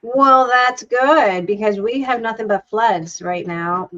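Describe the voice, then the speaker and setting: A woman's voice: on the high side, takes it slowly, a bit bright, dull audio. A woman hosting a casual craft livestream, chatting and rambling as she works, often breaking off mid-sentence. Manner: chatty, rambling, self-interrupting.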